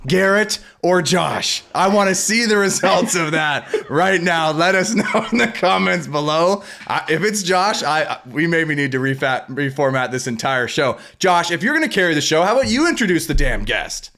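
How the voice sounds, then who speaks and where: A man's voice: a little high, expressive, normal speed, gravelly, hardly any pauses, bright, forceful tone. A young man co-hosts a casual podcast with a slightly raised voice. He needles his partner in a playfully exasperated, joking way, talking over a call mic. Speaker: podcast co-host. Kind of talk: casual banter.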